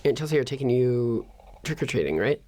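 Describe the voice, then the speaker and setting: A man's voice: mid-range voice, very animated, fairly quick, dark tone. A man hosting a podcast, chatting casually and playfully teasing his daughter. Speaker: podcast host.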